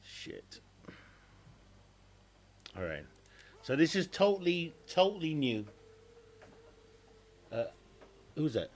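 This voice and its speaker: A man's voice: on the high side, big pitch swings, slow pace, pauses often, a little hiss or hum. A man at home, chatting casually and rambling through live-stream game commentary. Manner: rambling, chatty, restarts and self-corrects. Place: at home with family nearby.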